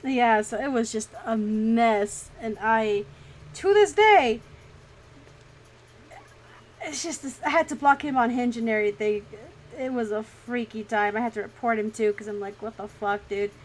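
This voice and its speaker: Casting: young woman, fairly high voice, animated casual storyteller, curses freely. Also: unhurried, poor audio. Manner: animated, swears freely, laughs often. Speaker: streamer.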